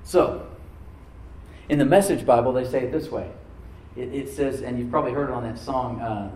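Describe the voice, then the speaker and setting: Mellow-voiced male pastor preaching in an echoey room. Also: mid-range voice, fairly even intonation, quick pace, a little hiss or hum. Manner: conversational preaching with frequent "Amen?" prompts. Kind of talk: sermon. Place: church room before a congregation. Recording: echoey room, mic at a distance.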